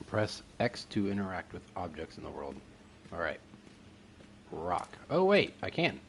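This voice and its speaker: A man's voice: low-pitched, big pitch swings, unhurried, a little hiss or hum. A young man giving casual commentary over a horror game, joking and reading game text aloud. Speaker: gaming youtuber.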